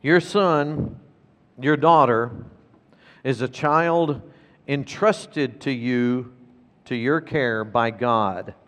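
A man's voice: medium pitch, extremely slow, pauses often, a bit bright, long reverb tail. A man preaching a sermon as pastor, emphatic and repeating key phrases for weight.

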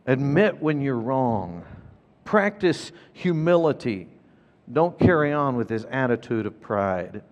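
A middle-aged man, a pastor preaching a sermon in an earnest, emphatic way, repeating his key points. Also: mid-range voice. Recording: long reverb of a large hall.

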